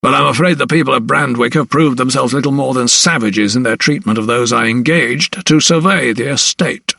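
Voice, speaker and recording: A sneering gentleman lawyer, put on by a male narrator, lets each scornful word drag out slowly in a middling voice. He sounds ruthless and mocking, with every word dry and close to the mic. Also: medium pitch, creaky, no room sound, distant mic.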